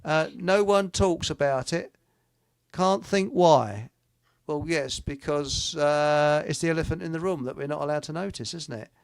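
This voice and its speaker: A man's voice: on the high side, unhurried, gravelly, smooth, no room sound. An older man hosting a casual radio chat, rambling and joking as he reads out listener comments. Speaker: host.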